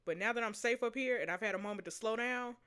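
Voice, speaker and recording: A woman voicing a calm, gently teasing teenage boy, read softly in a story game. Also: on the high side, fast, smooth, natural voice. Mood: gentle.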